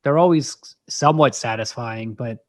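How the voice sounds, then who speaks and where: A man's voice: medium pitch, normal speed, no room sound, clean studio sound. A man co-hosting a film podcast, speaking sarcastically and critically. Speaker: podcast co-host. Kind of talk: casual film discussion.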